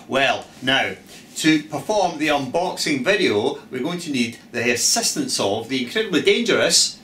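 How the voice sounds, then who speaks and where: A man's voice: medium pitch, sing-song, moderate pace, a bit bright, reverberant, slight background noise. Exuberant man hosting a gear unboxing. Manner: theatrical, exuberant, self-mocking. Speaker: channel host. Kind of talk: jokey gear unboxing vlog.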